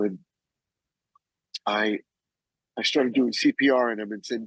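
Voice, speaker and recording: A man in his sixties, a guest, slowly recounting a personal loss with halting pauses and restarts. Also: on the low side, fairly even intonation, a bit bright, slightly rough, no echo, low-quality recording. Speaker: guest, actor and author. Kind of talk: emotional personal storytelling.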